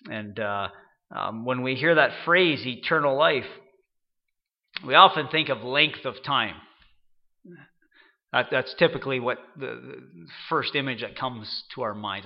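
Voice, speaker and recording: A man giving an unscripted sermon, halting often and repeating words as he goes. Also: medium pitch, gravelly, muffled recording. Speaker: preacher.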